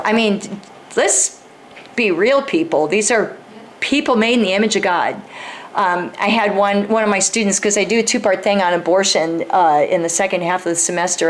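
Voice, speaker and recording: With a voice on the low side and a little hiss or hum in the recording, a woman teaches persuasion to a live group. She keeps it conversational, performing example dialogues and asking the audience questions directly.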